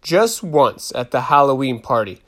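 A man voicing Zemena, a lively, giggly middle-school girl at a sleepover. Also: medium pitch, moderate pace.

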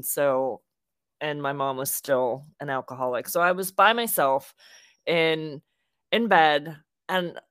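A young adult woman co-hosting a podcast, telling a story in a casual, animated way and acting out the quotes. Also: low-pitched, smooth, no room sound, studio quality. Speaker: podcast co-host.

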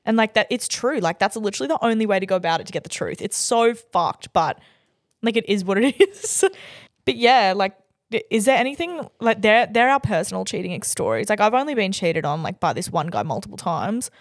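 A young woman in her twenties with an Australian accent, co-hosting a podcast, animated and emphatic, with frequent swearing. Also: mid-range voice, brisk, dry recording, clean studio sound. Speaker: podcast co-host. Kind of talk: casual chat.

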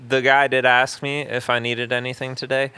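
A man's voice: mid-range voice, flat delivery, moderate pace, sharp tone, clear, resonant tone, no echo. A man co-hosting a podcast, chatting loosely and joking, with frequent fillers and trailing thoughts. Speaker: podcast co-host. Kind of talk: casual chat. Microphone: studio podcast mic.

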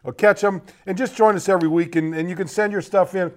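A man hosting a sports talk show in a loose, halting way, with many fillers and restarts. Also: high voice, steady tone. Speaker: host.

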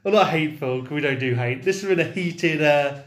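A man's voice: fairly high pitch, fairly quick. Blunt, jokey man podcasting in an echoey room. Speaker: podcast co-host. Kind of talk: casual podcast chat.

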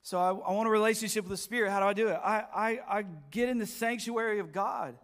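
A male pastor, preaching a sermon that swells into shouted build-ups and drops to quiet asides. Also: high voice, fast talker.

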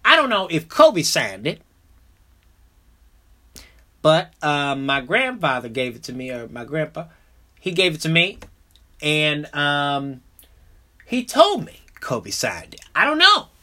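A young man hosting a podcast, telling a comedic story casually, full of swearing, dropping into mumbled asides and jumping up into loud outbursts. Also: fairly high pitch, takes it slowly, pauses often. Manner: animated, profane, jumps between mumbling asides and loud outbursts. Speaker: podcast host.

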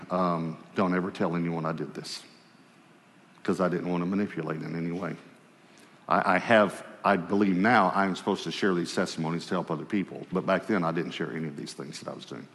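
Man preaching a sermon in a reverberant hall. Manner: animated storyteller, acts out dialogue, dropping low and quiet for God's voice. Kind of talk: sermon storytelling.

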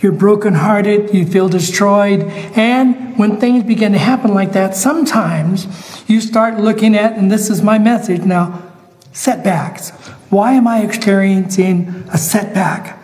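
Emphatic high-voiced male preacher. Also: unhurried, a little mellow, big-room sound, poor audio. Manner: emphatic, repeats phrases, asks listeners questions. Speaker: pastor. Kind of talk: sermon.

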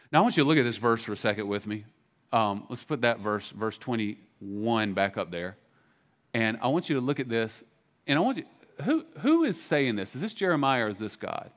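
A man's voice: mid-range voice, animated, moderate pace, fairly bright tone. A man delivers a sermon from a church pulpit. His voice sits in a middle register, and his talk is plain and candid, full of restarts, asides and little fillers as he talks to his congregation. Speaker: pastor. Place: church sanctuary.

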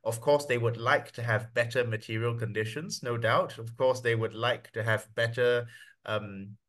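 Bright-toned man, pausing to find words. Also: mid-range voice, fairly even intonation. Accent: non-American English accent. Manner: searches for words, hesitant fillers. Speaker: podcast guest. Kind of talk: casual political discussion.

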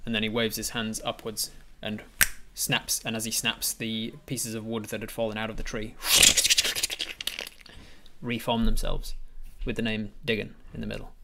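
A man's voice: fairly low pitch, monotone, moderate pace, noisy background. Guy running a tabletop game, paints the scene in detail. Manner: vivid, descriptive storytelling. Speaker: game master.

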